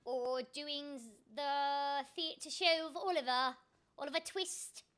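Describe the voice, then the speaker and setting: A woman's voice: high voice, slow pace, a bit bright. A woman voice actor streaming a video game, chatting casually and animatedly with frequent ums and self-mocking asides. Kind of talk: casual gameplay chat.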